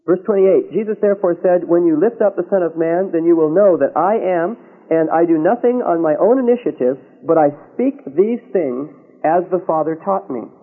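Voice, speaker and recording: A man's voice: sits high, normal speed, phone-quality sound. A man teaching from the Bible in sermon style, reading scripture aloud and checking in with his listeners. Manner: reads scripture aloud and checks in with frequent "Okay?".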